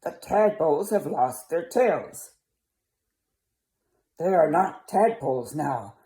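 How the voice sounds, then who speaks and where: A woman voicing a cheerful, excited frog calling his friends in a storybook reading. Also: low-pitched, takes it slowly.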